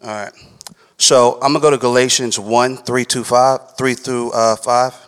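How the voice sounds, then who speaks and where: A man's voice: medium pitch, steady tone, normal speed, fairly bright tone, smooth. A man giving a conversational sermon, checking in with listeners and repeating scripture lines. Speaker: preacher. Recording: long hall reverb.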